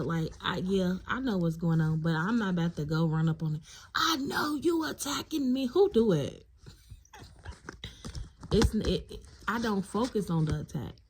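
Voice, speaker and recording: A woman gives a casual collective tarot reading to her viewers. She talks bluntly, swears often and calls them "y'all". A faint hiss sits under her voice. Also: mid-range voice. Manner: blunt, profane and animated, addressing viewers as y'all. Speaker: tarot reader.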